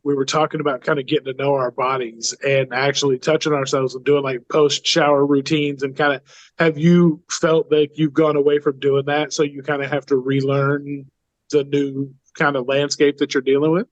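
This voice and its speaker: A man co-hosting a podcast, asking gentle, empathetic questions and hedging often with "kind of". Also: medium pitch, dry recording. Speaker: podcast co-host. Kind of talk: conversational podcast chat. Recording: dull dry remote mic.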